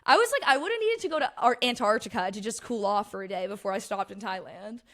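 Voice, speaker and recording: A young woman hosting a podcast in casual chat, animated and laughing often, slipping into quoted voices. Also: mid-range voice, fast talker. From Boston area. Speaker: podcast host.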